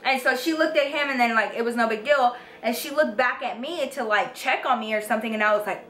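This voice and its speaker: A woman in her twenties from the United States tells a storytime to her viewers, chatty and profane. Her voice sits a little high. It is picked up by a camera mic in an echoey room at home with a faint hiss behind her. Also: quick pace, a bit bright. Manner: swears freely, heavy "like" and "you guys", talks straight to viewers. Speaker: beauty vlogger.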